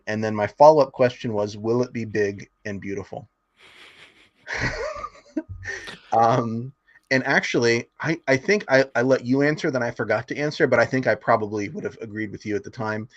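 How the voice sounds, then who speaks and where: A man's voice: mid-range voice, no room sound. A man co-hosting a casual political podcast, running through numbers from notes with frequent fillers and chuckles. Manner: laughs often, fillers, reads figures from notes. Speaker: podcast co-host. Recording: dry, dull lo-fi sound.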